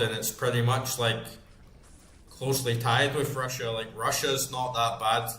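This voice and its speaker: A man's voice: medium pitch, flat delivery, a little slow, fairly bright tone. A man in his thirties, a gaming streamer, rambling and ranting in casual chat, full of fillers. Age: 30s. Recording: roomy echo.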